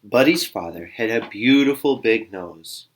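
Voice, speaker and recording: A man reads a children's storybook aloud. His voice rises and falls a great deal. He drops to hushed asides now and then. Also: lowish voice, a little slow. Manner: lively, sing-song reading with soft hushed asides. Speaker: storybook reader.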